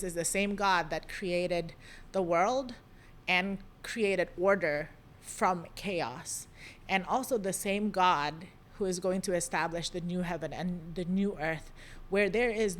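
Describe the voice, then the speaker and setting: A woman speaking slowly in a fairly low voice, sharing an unhurried devotional reflection. She talks gently and thoughtfully, filling her pauses with soft ums as she hosts her podcast.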